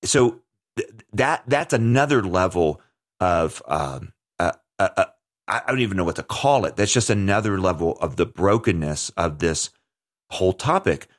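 Deep-voiced man in earnest commentary. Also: expressive, normal speed. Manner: earnest, emphatic, with frequent restarts. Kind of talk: conversational commentary.

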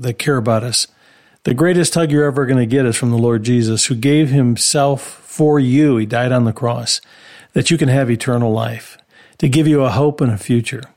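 A man's voice: medium pitch, a little mellow. A man hosting a Christian radio show, speaking in an encouraging, preacherly way to listeners. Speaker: radio host and Bible teacher.

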